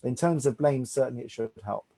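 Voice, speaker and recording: A man's voice: mid-range voice, brisk, vocal fry, mellow. A man, a rabbi teaching a study class in a conversational way, often checking in with "right?". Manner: conversational, reassuring, asks "right?".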